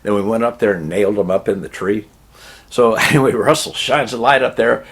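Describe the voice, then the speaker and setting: Man storyteller, husky voice, laid-back rambling folksy telling. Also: lowish voice, steady tone, brisk. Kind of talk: casual spoken storytelling.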